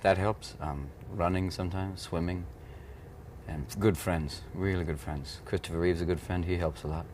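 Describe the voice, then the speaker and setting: At a playful press junket, an American actor in his 30s rambles through the interview, often breaking into comic voices. He talks at a moderate pace in a low, steady, somewhat mellow voice, accompanied by a slight hiss or hum.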